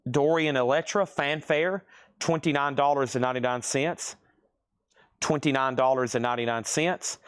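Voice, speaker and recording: A man's voice: medium pitch, clear, resonant tone, no room sound. A man in the middle of his range runs a livestream record sale, rattling off prices and bids. He speaks to buyers by name and drops in easygoing self-mocking remarks between items. His voice is dry and close, with no room sound. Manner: brisk price callouts mixed with chatty self-deprecating asides. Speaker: host selling records on a livestream. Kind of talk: live auction sales patter.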